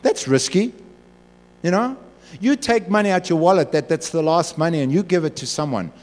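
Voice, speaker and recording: Pastor preaching, bouncy animated voice, a bit high, big echoey hall. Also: male voice, normal speed. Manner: animated, acts out voices and asides. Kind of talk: sermon.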